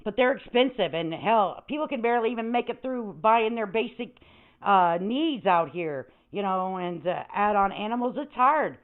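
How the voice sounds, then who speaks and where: A woman's voice: mid-range voice, lively intonation, moderate pace. Brash, foul-mouthed older woman on tinny audio. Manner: brash, profane and rambling. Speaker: livestream host. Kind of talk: casual livestream rant. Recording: tinny phone-like audio with static.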